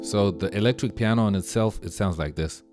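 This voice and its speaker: A man gives an easygoing, slang-filled music production lesson as a casual screen-share tutorial, walking through sounds. His voice is fairly low and a little fast, with music playing under it.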